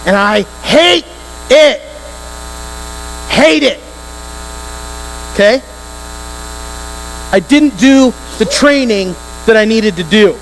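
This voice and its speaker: A man preaching to a youth group, telling a story in an animated, emphatic way and speaking straight to the teens. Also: extremely high pitch. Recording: hall reverb with faint electrical hum.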